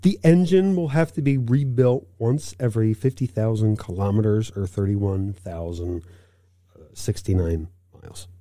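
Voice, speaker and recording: A man's voice: lowish voice, a little slow, warm tone, no room sound, clean studio sound. A man co-hosting a casual car-news podcast, reading out news items and making playful asides. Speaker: podcast co-host.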